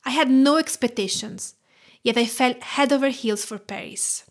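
A woman in her thirties from Tuscany with an Italian accent, hosting a food podcast in a warm, enthusiastic, scripted way. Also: high-pitched, normal speed. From Tuscany, Italy. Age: 30s. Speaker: podcast host, cooking teacher.

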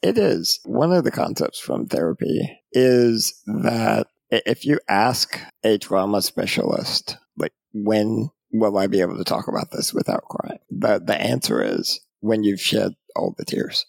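Serious man with a gravelly voice. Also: on the low side, lively intonation, no echo. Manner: serious, measured, quiet. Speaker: guest. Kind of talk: conversational interview.

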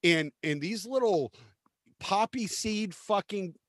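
A man's voice: sits high, expressive, takes it slowly, dry recording. A man hosting a casual podcast, ranting with constant profanity and a combative edge. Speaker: podcast host.

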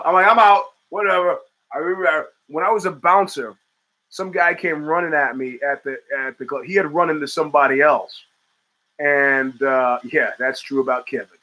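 Bright-voiced rambling male talk host. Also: fairly high pitch, rough recording. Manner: rambling, profane, reads chat and answers it. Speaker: podcast host. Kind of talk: casual talk show monologue.

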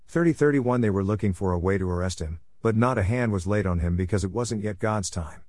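Male scripture reader, low voice, dry close read, calls out verse numbers. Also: quick pace, few pauses, a little mellow, dry recording. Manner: reads verse numbers aloud.

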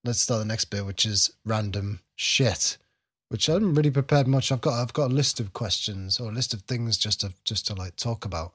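A man's voice: lowish voice, brisk, fairly bright tone, husky. Man, podcast co-host, casual chat, teasing, dry delivery. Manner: teasing, dry, leads the segments.

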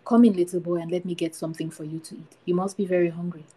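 A woman's voice: fairly low pitch, little pitch movement, quick pace, mellow, slightly rough, poor audio. A woman voicing a murderous old man in the woods in a folktale reading, insistent and pressing as she reads his lines.

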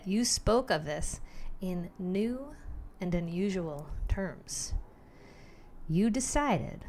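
A woman hosting a podcast delivers an animated motivational talk in a fairly low voice. She addresses the listener directly, like a coach.

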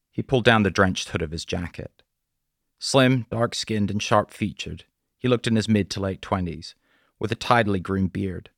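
A man with a very low, gravelly voice reads a story aloud at a measured pace. The sound is dry and close. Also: dry recording. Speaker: audiobook narrator. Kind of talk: scripted narration.

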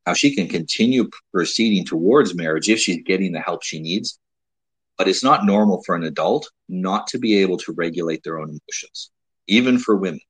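A man hosting a casual advice talk, speaking in a measured way with frequent restarts and repeated words. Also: sits low, expressive, husky, poor audio. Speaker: host giving dating advice.

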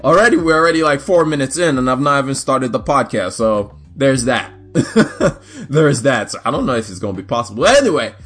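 A man's voice: mid-range voice, sing-song, a little fast, a bit bright, slightly rough, soft background music. A young man hosting a casual solo podcast, chatty and rambling. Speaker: podcast host.

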